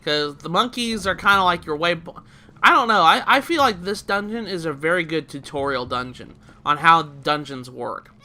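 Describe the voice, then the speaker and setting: Guy narrating his game playthrough, laughs a lot, high and kinda sharp voice. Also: expressive, normal speed. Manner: chatty, laughs often, explains step by step. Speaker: let's play host. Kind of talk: casual game commentary and walkthrough.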